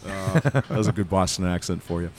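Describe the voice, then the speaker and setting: Animated lower-voiced man telling stories. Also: fast. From Massachusetts. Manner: animated storyteller, acts out voices in quotes. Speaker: bar consultant and guest. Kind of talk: casual storytelling chat.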